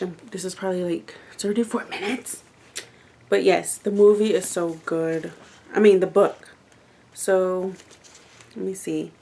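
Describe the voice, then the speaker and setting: A woman's voice: medium pitch, creaky, warm tone. A young woman reviewing a book in casual, rambling chat, full of fillers and restarts. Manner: rambling, chatty, lots of fillers.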